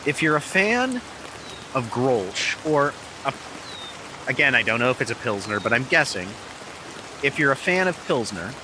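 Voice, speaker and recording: A middle-aged man talks casually about a beer for his review vlog, rambling and restarting hesitantly while heavy rain falls outdoors. His voice is mid-range with lively intonation, at a normal pace. The small camera mic captures a noisy background of loud rain.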